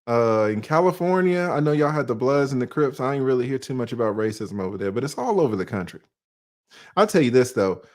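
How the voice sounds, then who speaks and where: A man's voice: medium pitch, expressive, brisk. A man in his forties with a Southern US accent talks straight to his viewers in a loose, conversational monologue. He sits in the middle of the male range and keeps asking himself questions before answering them. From Atlanta, US South. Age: 40s. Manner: conversational, poses rhetorical questions, uses slang. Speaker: online commentator. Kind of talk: casual monologue commentary.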